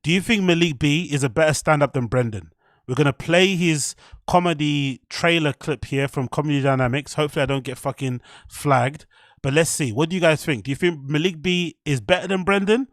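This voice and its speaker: A British man running a livestream, reacting on the fly in a blunt, rambling way with plenty of swearing. His voice sits a bit high for a man. The sound is dry and close, with no room around it. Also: brisk, no room sound. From United Kingdom. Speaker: livestream host.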